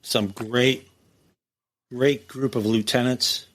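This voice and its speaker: This middle-aged man talks slowly in an everyday mid-range, medium-pitched voice. A former prison captain being interviewed casually as a guest, he tells his stories with blunt, profane energy, acting out other people's dialogue along the way.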